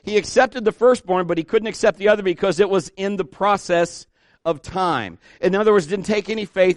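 A man's voice: high voice, a little fast, no echo, clean studio sound. A middle-aged man preaching a folksy, emphatic sermon as pastor, repeating key words for stress.

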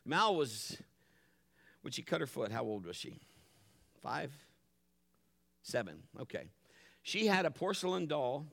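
A middle-aged man preaching a sermon as pastor, animated, acting out his family's voices and dropping to a hush for calm moments. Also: medium pitch. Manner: drops to a hushed voice for calm moments.

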